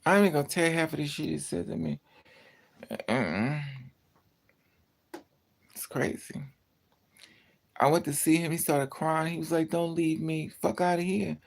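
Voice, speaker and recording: Casual livestream host: gravelly, profane and blunt, worn-out delivery that trails off. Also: mid-range voice, unhurried, long pauses. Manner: tired, drifting, trails off. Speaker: livestreamer talking to chat.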